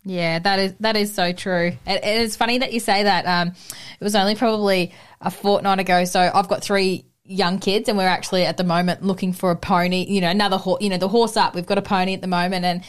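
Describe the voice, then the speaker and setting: A woman chatting as host, agreeable and animated when telling a story. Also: mid-range voice, fast talker, clear, resonant tone. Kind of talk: casual chat.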